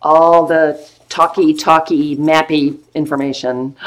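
Speaking a little slowly in a voice on the low side, a woman sells vintage books during a live stream. Her chat is casual and playful, with plenty of gushing over each item.

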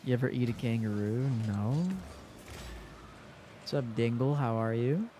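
A man's voice: mid-range voice, measured pace, warm tone, a little hiss or hum. A man in his twenties streaming a game live, chatting casually with his viewers and swearing freely. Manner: chatty, swears freely, addresses chat directly. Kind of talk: casual live-stream chat while gaming.

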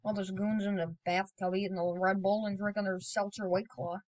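Woman, gaming commentary, rambling, excitable, sudden loud outbursts, medium pitch. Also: brisk, poor audio. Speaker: gaming video creator. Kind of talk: casual gameplay commentary.

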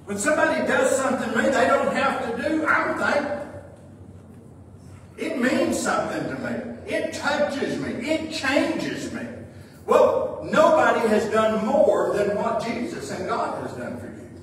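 A man's voice: very high voice, animated, measured pace, fairly bright tone, a little hiss or hum. A male pastor preaching a sermon. He speaks with emphasis, acts out the voices he quotes and reads scripture aloud. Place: church sanctuary. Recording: echoey hall, heard from a distance.

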